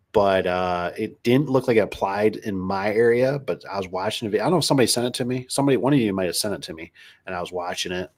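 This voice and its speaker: A garage door business owner hosts a casual livestream, reading comments and rambling through stories in a kind of low voice. He fills his speech with lots of "um" and "you know" and frequently restarts his sentences.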